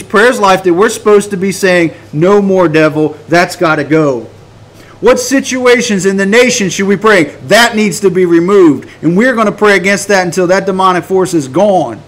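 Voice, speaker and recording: High-pitched, emphatic Bible study teacher. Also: male voice. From United States. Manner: animated, emphatic, rhetorical questions. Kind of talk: Bible study talk on prayer.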